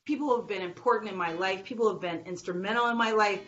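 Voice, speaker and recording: A woman hosting a podcast interview, bubbly and excitable, laughing often and talking with big energy. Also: medium pitch, fast talker, muffled recording, a little hiss or hum. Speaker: podcast host. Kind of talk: enthusiastic interview chat.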